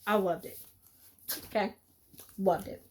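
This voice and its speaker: A woman chatting casually in a book wrap-up video, animated and excitable, with frequent restarts and exclamations. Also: medium pitch, measured pace, very noisy. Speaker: book vlogger.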